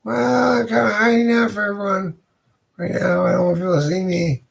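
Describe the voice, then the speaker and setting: A man's voice: high voice, little pitch movement, brisk, gravelly, breathy edge, voice pushed up, exaggerated voice. A man putting on a coy alluring young woman.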